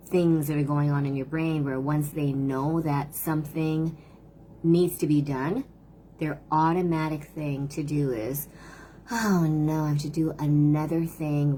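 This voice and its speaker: A woman's voice: deep voice, a little mellow, slight background noise. A middle-aged woman giving casual parenting advice on a live stream, earnest and talkative, often acting out what kids and parents say. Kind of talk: casual advice talk to camera.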